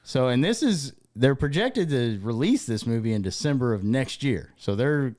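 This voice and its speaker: A man's voice: mid-range voice, expressive, normal speed, darkish tone. A man co-hosting a casual podcast in a laid-back way, swearing and saying dude. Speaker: podcast co-host. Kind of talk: casual sports and pop-culture chat.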